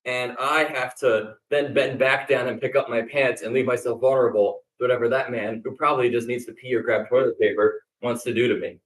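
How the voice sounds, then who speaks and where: A man's voice: medium pitch, steady tone, a little fast, few pauses, distant mic, low-quality recording. A man hosting a comedy show and introducing acts on stage.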